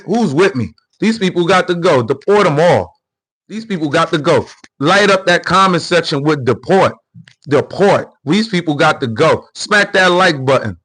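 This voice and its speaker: A man's voice: a little high, sharp tone, rough recording. A man hosting a live commentary stream, ranting in a heated, profane, repetitive way and reading out viewer comments. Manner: reads viewer comments aloud. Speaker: livestream commentary host.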